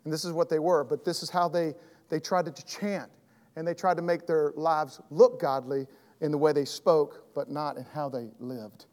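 A man with a slightly higher-than-usual voice teaches a Bible class, earnest and emphatic, circling back to repeat his points. His throat keeps catching. The sound carries a long reverb, like a big room. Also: fairly even intonation, moderate pace, a little mellow. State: throat trouble, clearing his throat.

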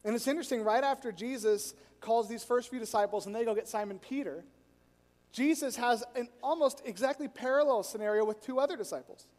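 A high-voiced man preaches in a storytelling style, acting out the people in his stories. He talks in an animated way. His voice carries the long reverb of a large church hall. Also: a little fast. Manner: animated, acts out quoted people, chuckles while telling. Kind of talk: storytelling sermon.

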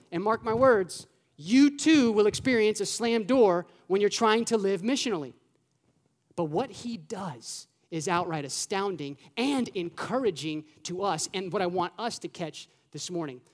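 A pastor preaching a sermon to a church congregation in a lively, conversational way, with rhetorical questions, casual fillers and quick asides. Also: medium pitch. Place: church sanctuary.

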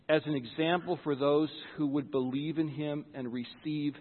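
A man's voice: on the high side, normal speed, few pauses, big-room sound, phone-quality sound. A pastor giving a sermon in church, earnest and conversational, often repeating words as he starts a thought.

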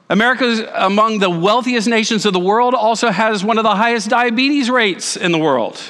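A man in his forties, a pastor giving a conversational sermon with animated, self-deprecating asides. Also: high-pitched, a little fast, hardly any pauses. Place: church sanctuary. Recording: reverberant church hall.

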